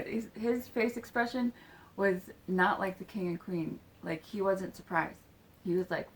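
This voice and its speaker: A woman telling a personal story in a casual, halting way, full of fillers and swearing, acting out quoted lines and sometimes dropping to a whisper. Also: medium pitch, low-quality recording.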